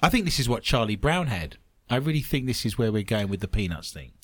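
A man's voice: medium pitch, fast, breathy edge, dry recording, clean studio sound. A man hosting a comedic podcast, joking and reading odd news stories aloud. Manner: jokey, animated, reads news stories aloud. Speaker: podcast host.

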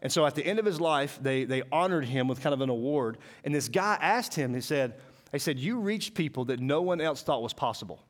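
A man preaching to a school, telling folksy stories, acting out voices and dropping to a hushed, intense tone. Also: mid-range voice, lively intonation, a little fast. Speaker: school chapel speaker. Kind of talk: sermon.

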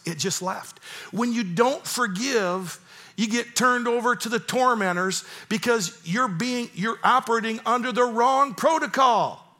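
A man's voice: high-pitched, pushed and bright. A man in his fifties preaching a sermon, telling a personal story with earnest emphasis and repeating key phrases. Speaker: pastor.

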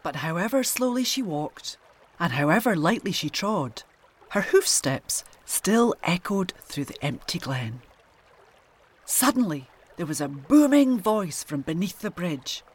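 Animated woman reading a children's story. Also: lowish voice, measured pace, husky.

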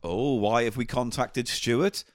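A man's voice: medium pitch, a little slow. A man co-hosting a podcast, teasing his partner in casual banter and swearing freely. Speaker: podcast co-host.

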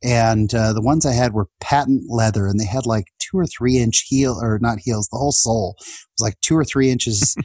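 A man's voice: mid-range voice, moderate pace, a little mellow, breathy edge, dry recording. A man in his forties telling personal stories in a casual podcast chat, earnest and emotional, laughing now and then. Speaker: guest.

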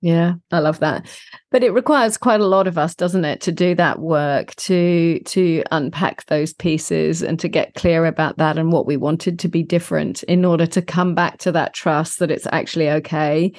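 Woman podcast host, low pitch, earnest and affirming, conversational. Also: moderate pace, darkish tone. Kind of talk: casual conversation.

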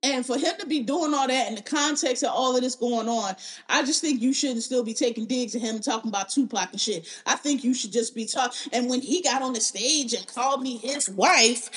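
Podcast host, woman, slightly high voice, heated blunt delivery heavy on profanity. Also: normal speed, a bit bright. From Philadelphia. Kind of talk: opinionated podcast rant.

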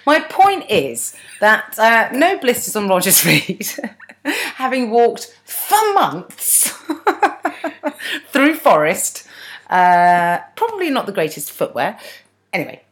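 A woman's voice: a little high, huge pitch swings, slow pace. A woman co-hosting a podcast, recapping a TV episode in a chatty, digressive, wry way. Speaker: podcast co-host. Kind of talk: casual chat recapping a TV episode.

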